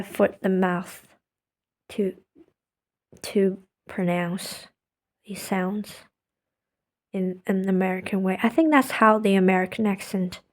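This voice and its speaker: A woman who speaks English as a second language, thinking aloud in a casual monologue with many fillers and restarts, often trailing off quietly. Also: mid-range voice. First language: not English. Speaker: podcaster.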